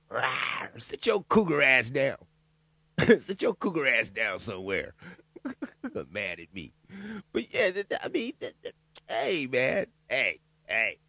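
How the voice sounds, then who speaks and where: A man's voice: on the high side, creaky, slightly rough, no echo. Guy ranting solo, cussing and joking, voice jumps up and down a lot, dry close sound. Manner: loud, profane, animated riffing with laughs and asides; reads news out loud haltingly. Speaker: commentator. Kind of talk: casual profane commentary monologue.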